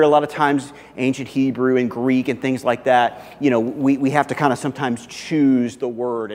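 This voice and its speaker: A pastor preaching a sermon, telling the story with animation and often repeating his words. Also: long reverb tail. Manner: animated storytelling, repeats words, pitch climbs when excited. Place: church sanctuary.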